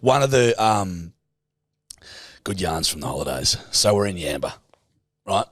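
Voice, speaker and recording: A man's voice: low voice, a little slow, no echo, clean studio sound. A man with an Australian accent, co-hosting a podcast, telling sweary stories in casual banter. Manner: sweary, animated storyteller, acts out quoted voices. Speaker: podcast co-host.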